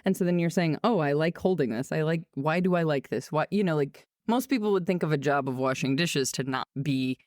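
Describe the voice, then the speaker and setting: Low-voiced Midwestern woman host. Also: a little fast, few pauses, darkish tone, dry recording, clean studio sound. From Midwest, United States. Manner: friendly, self-deprecating, steers back to topic. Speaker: podcast host. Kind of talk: interview conversation.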